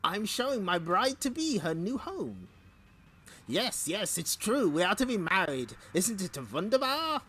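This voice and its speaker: A man's voice: high-pitched, big pitch swings, a little slow, pushed and bright, slightly rough, pitched above the performer's own voice, exaggerated voice. A man voicing a pompous middle-aged mad professor with a put-on German accent. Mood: proud.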